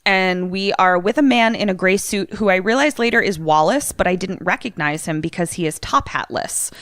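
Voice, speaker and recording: A woman co-hosting a comedy podcast, recapping a horror film in a chatty, animated storytelling way. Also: medium pitch, normal speed, no room sound, clean studio sound. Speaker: podcast co-host.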